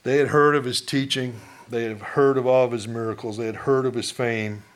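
A man's voice: mid-range voice, steady tone, a little fast. A middle-aged man preaching a sermon as pastor, in a conversational way, asking the congregation questions and acting out townsfolk.

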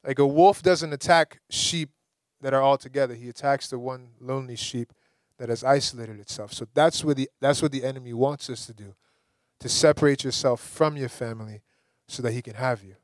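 A young man from the Caribbean preaching a sermon, lively and rising to emphatic peaks. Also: mid-range voice, fairly quick, no room sound, studio quality.

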